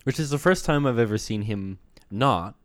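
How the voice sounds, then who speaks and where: A man co-hosting a podcast, teasing and reacting with quick swearing comebacks. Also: medium pitch, lively intonation. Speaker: podcast co-host. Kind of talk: casual chat.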